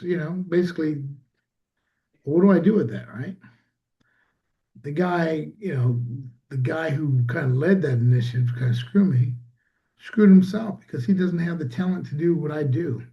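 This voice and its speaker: A man's voice: on the high side, moderate pace, dull audio. A man, a small business owner, telling a story in casual conversation and acting out quoted dialogue.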